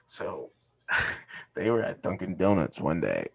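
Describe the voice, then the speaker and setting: Gravelly, husky-voiced man telling family stories. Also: low voice, wildly swooping pitch, takes it slowly. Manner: laughing storyteller, acts out family quotes. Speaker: podcast co-host. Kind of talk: casual chat.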